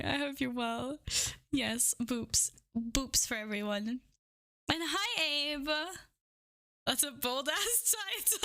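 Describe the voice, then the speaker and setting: A woman's voice: high-pitched, lively intonation, takes it slowly, a bit bright. A woman livestreamer chatting casually with her viewers, bubbly and giggly as she greets them one by one. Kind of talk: casual live-stream chat. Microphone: streaming microphone, wearing headphones.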